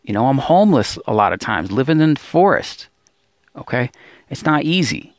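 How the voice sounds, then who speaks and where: With a very animated mid-range voice at a moderate pace, a man speaks in studio-quality audio with no room sound. As a Bible teacher hosting a religious channel, he gives an emotional, discouraged monologue full of pleading, stammered restarts and repeated appeals.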